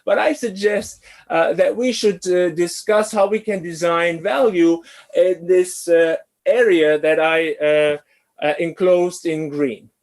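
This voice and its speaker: A man giving an online business lecture, running polls and pausing often with fillers. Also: sits high, fairly even intonation, darkish tone. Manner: hesitant, many uh fillers.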